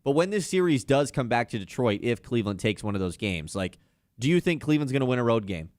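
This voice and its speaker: A man's voice: medium pitch, very animated, fast talker, darkish tone, no echo, studio quality. A man hosting a sports talk radio show, chatting casually and with animation about basketball. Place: radio studio.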